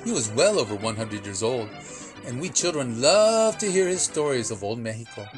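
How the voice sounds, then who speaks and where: A man narrating a children's story in a calm, reminiscing way. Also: mid-range voice, moderate pace, over music.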